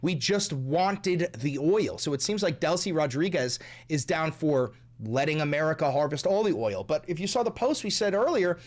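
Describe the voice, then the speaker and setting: A man's voice: fairly high pitch, expressive, normal speed, few pauses. A man hosting angry political commentary, talking in a heated, profane and sarcastic way.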